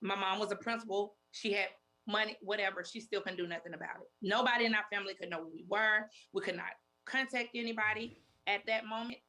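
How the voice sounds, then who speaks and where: Halting woman in her forties recounting. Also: medium pitch, bright, forceful tone. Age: 40s. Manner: halting, repeats herself, retells with many "I said". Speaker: guest. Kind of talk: emotional interview testimony.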